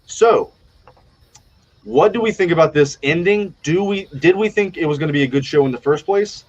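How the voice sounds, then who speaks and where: A man hosting a live online chat show, blunt and profane, riffing fast with strong opinions. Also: fairly high pitch, highs cut off. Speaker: podcast host. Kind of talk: casual live panel chat.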